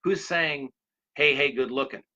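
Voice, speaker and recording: A man's voice: a little high, unhurried, bright, forceful tone, muffled recording. A man voicing a cynical, wary middle-aged woman who runs a small shop, blunt and dry. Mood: wry.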